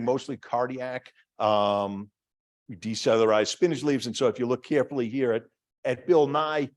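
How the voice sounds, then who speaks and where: A middle-aged man with a Boston accent, a department head giving a chatty, self-deprecating talk to an audience, with many fillers and restarts. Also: medium pitch. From Massachusetts. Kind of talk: lecture to an audience.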